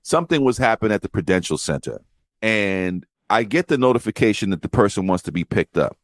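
A man telling rideshare driver stories in casual podcast chat, profane and animated, acting out the voices of people he quotes. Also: lowish voice, a little fast, no echo, clean studio sound.

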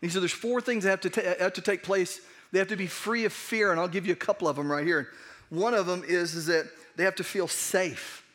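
A pastor gives his sermon in a high, light voice. He talks in a conversational, earnest way, stumbling and restarting as he goes. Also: fairly quick, a bit bright. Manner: conversational, earnest, with frequent restarts and acted asides.

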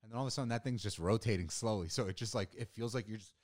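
A man's voice: lowish voice, very fast, a little mellow. Rambling, swearing young man on a podcast. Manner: rambling, profane, many restarts and fillers. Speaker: podcast co-host. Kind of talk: casual chat.

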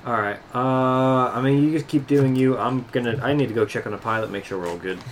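A man's voice: medium pitch, brisk, a little hiss or hum. A man playing a tabletop game, joking frantically and swearing. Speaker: player. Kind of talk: in-character banter at a tabletop game.

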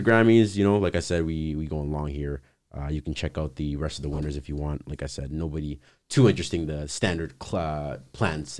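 A man's voice: low-pitched, a little mellow. A young man hosting a podcast in casual chat, laid-back, often mimicking people he talks about. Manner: laid-back, retells clips in mocking voices. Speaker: podcast host.

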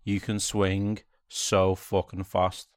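A man's voice: deep voice, monotone, clear, resonant tone, dry recording, studio quality. Sweary, blunt man on a podcast. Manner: blunt, sweary, quick retellings with laughter. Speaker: podcast co-host. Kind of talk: casual chat about video games.

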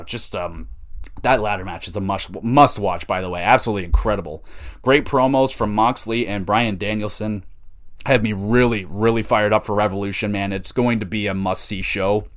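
A man hosting a podcast, casually recapping wrestling shows, excitable and swearing freely. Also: fairly low pitch. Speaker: podcast host.

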